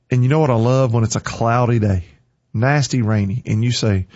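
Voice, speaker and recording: A man's voice: medium pitch, moderate pace, a little mellow, no echo, highs cut off. A man hosting a Christian radio morning show, talking casually with an encouraging, preachy energy in a studio. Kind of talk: casual on-air talk.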